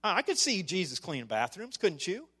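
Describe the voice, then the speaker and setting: A man telling a story in a sermon to a congregation, animated and checking in with the audience as he goes. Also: high-pitched, fairly quick, slightly rough. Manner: animated, with frequent "okay?" asides to the audience. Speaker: speaker on church outreach. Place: church service before a congregation.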